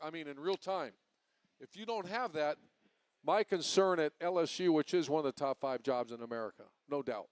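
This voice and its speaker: A man's smooth, resonant voice, a bit higher than most, with a former coach's emphatic delivery. He ticks off his points by number on a live talk show, and the sound is dry and close. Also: normal speed, dry recording. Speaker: former head coach, analyst.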